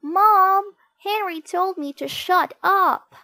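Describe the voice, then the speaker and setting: A woman's voice: very high voice, slow, pushed and bright, no echo, pitched above the performer's own voice, heavily acted. A woman voicing a prim, smug little boy who loves to tattle. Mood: tattling. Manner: sweet, self-satisfied, tattling.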